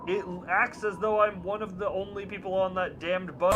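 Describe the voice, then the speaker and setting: A man's voice: high-pitched, fairly even intonation, normal speed, music in the background. A man streaming a horror game, talking casually to himself and his chat with sarcastic asides. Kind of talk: casual live game commentary.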